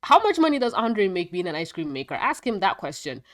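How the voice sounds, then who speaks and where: A woman with a congested voice chatting through a casual video review, rambling and quick to laugh. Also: medium pitch, sing-song. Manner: a bit foggy and scattered. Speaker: show reviewer.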